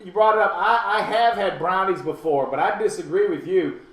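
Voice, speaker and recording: A man hosting a radio talk show, animated and persuasive, stumbling over words when he restarts. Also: high-pitched, moderate pace, reverberant, poor audio. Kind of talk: casual chat.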